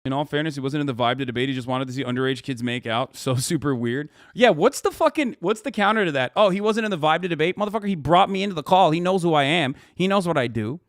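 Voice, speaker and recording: Male streamer, heated profane reaction, smooth voice, dry close mic. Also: on the high side, lively intonation, quick pace, few pauses, dry recording. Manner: heated, profane, sarcastic rant. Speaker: livestream host. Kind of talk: reacting to a debate clip.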